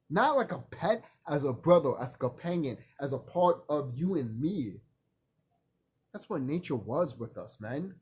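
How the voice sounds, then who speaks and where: A man vlogging in a rambling, profane casual monologue, animated and laughing often. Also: fairly high pitch, moderate pace, husky.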